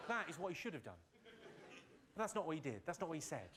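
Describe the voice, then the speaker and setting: Comic, kinda high voice, deadpan zingers into a stage mic, big crowd laughing. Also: male voice, fast talker, very noisy. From Britain. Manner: deadpan one-liners with sharp comic timing. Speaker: stand-up comedian. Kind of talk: stand-up comedy set. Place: stage before a live audience. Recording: loud audience laughter over live show.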